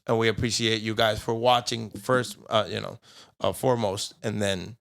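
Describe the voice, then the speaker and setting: A man's voice: fairly low pitch, fairly even intonation, moderate pace, gravelly, fairly bright tone. A young man co-hosting a podcast in casual chat, joking and teasing. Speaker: podcast co-host.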